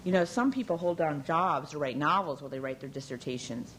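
A weary young caterer in a storybook reading, answering with wry, sardonic remarks in a low voice, as the woman narrator reads her. There is a bitter edge under her calm. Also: brisk, slight background noise, low-quality recording.

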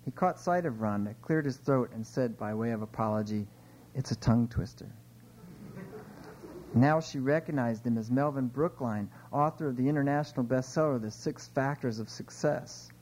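Middle-aged male author, warm low tone, relaxed informal reading of his short stories. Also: normal speed, a little hiss or hum, poor audio. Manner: relaxed, chatty asides between dry readings.

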